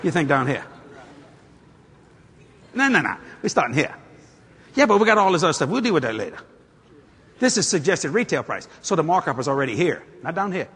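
A man preaching a sermon through a story, acting out the people in it and working up to loud shouts. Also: a little high, husky. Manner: animated, acts out the people in his stories, climbs to shouting.

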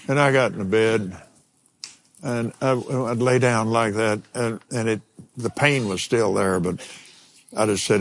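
An older man preaching a sermon, telling a personal story in an animated way and chuckling now and then. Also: lowish voice, a little slow.

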